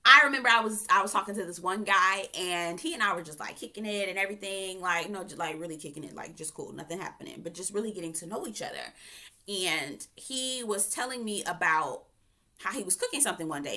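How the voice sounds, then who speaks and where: A woman from Florida reviewing a reality TV show in a casual, animated rant, often going off on tangents. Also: medium pitch, fast talker. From Florida, USA. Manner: chatty, animated, goes off on tangents, frequent laughter.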